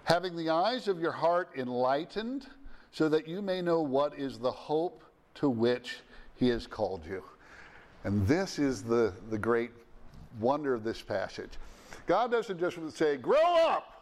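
A man's voice: a little high, animated, unhurried, a little mellow. Earnest male preacher giving a sermon.

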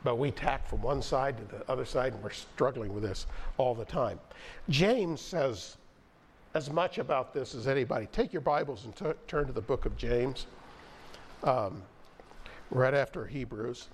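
A male pastor delivering a sermon, reading scripture aloud and stressing key phrases with slow, deliberate pauses. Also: mid-range voice, slight background noise.

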